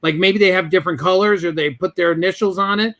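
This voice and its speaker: A man's voice: high-pitched, fast talker, a bit bright. A man telling a business story as a guest in an interview, acting out both sides of the conversations.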